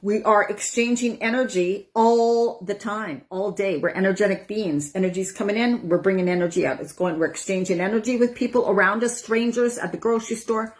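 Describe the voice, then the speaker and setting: Woman, over forty, wellness coach, casual talk to camera, chatty, breathy sighs, middle pitch. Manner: chatty, breathy sighs, acts out inner voices.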